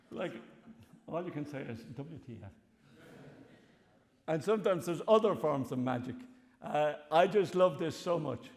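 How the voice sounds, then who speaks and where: A man's voice: on the high side, measured pace, pauses often, a little mellow, in a large hall. Irish professor in his sixties lecturing. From Ireland. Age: 60s. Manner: anecdotal, chatty, laughs often at his own stories. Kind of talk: public lecture. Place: lecture hall.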